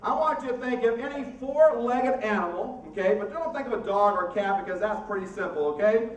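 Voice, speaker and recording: Hosting a comedy mind-reading show on a theater stage, a man jokes upbeat with audience members in front of a live crowd. His voice sits high and moves briskly. The recording has a roomy, distant stage sound.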